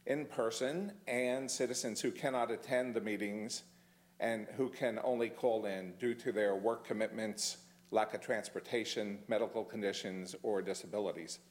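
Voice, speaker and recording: Male public commenter, slightly low voice, formal, measured and emphatic prepared statement at a meeting podium. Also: a little mellow. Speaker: member of the public giving comment. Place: county meeting chamber. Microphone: podium microphone.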